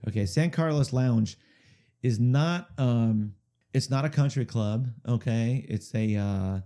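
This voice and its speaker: Mellow-voiced chatty male storyteller. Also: medium pitch, slow pace. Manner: chatty, rambling storyteller who keeps checking in with "okay?". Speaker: singer-songwriter guest. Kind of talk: casual interview storytelling.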